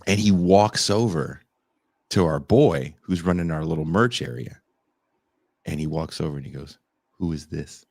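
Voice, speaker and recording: A man's voice: extremely low pitch, moderate pace, vocal fry, darkish tone, no room sound. A man co-hosting a podcast, telling stories in casual chat with acted-out quotes and a lot of laughing. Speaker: podcast co-host. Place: living in Mexico.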